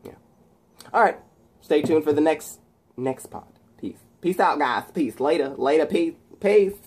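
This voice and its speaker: A man casually retelling his own fan story in an excited, rambling way, with sound effects thrown in. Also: a little high, measured pace.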